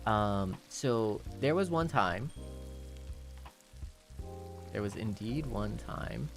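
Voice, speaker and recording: A man's voice: fairly low pitch, animated, very slow, over music. A young man telling a story in casual streaming chat, rambling with lots of "you know" and restarts and laughing often.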